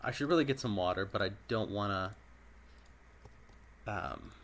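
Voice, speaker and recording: A man with a raspy voice giving casual commentary over a dispatch game, clearing his throat often as he methodically works through each call. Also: fairly low pitch, normal speed, a bit bright. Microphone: personal desk microphone.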